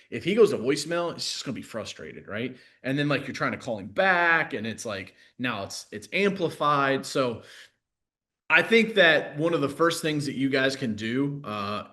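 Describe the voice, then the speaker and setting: A man, a sales coach, giving a casual live masterclass in a lively, filler-heavy way, jumping from loud bursts to low asides.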